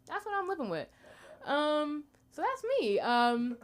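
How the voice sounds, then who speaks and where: Lively chatty young woman comic. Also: high-pitched, a little slow. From United States. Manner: chatty, rambling, lots of fillers. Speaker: open mic comedian. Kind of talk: stand-up comedy.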